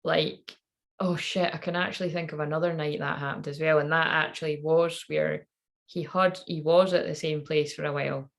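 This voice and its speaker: Low gravelly woman rambling. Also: fairly even intonation, moderate pace. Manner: candid, swearing, trailing off. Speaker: tarot reader. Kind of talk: rambling personal monologue.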